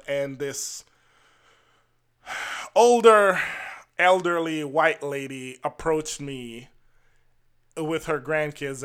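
An earnest, wry man from Jamaica chats to camera, unhurried and bright in tone. His voice sits fairly high, and he leans into each story. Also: clean tone. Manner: earnest and wry, acts out the people in his stories. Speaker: vlogger.

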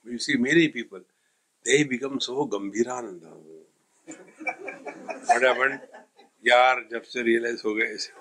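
A man's voice: medium pitch, fairly even intonation, fast, pauses often, heavy background noise. A man, a swami giving a humorous spiritual discourse that he fills with stories, jokes and Hindi sayings. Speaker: swami teaching a spiritual text.

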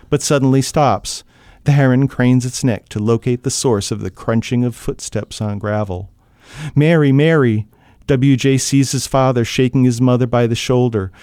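Smooth-voiced man reading expressively. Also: medium pitch, a little mellow, no room sound, clean studio sound. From New Hampshire. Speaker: author, guest. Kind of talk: dramatic reading, then interview talk.

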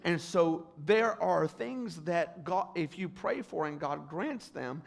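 A man preaching a sermon as pastor, calling out to the congregation and swinging between hushed asides and loud, rising appeals. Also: a little high, animated, slow pace, vocal fry.

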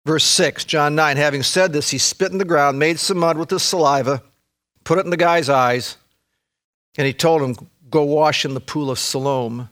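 A man preaching a sermon in an animated storytelling way, acting out the voices in the scripture and repeating words for emphasis. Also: on the high side, normal speed. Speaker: pastor.

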